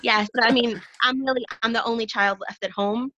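A woman guest in a casual conversation, chatty and jokey, quick to laugh. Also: a little high, steady tone, pushed and bright, a little hiss or hum.

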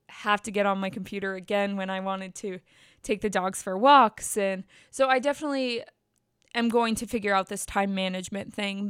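Young woman, podcast host, casual solo chat, rambling and candid, smooth clear voice, dry close sound. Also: medium pitch, no echo. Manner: candid, rambling, self-deprecating with frequent restarts. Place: indoors at home at her computer.

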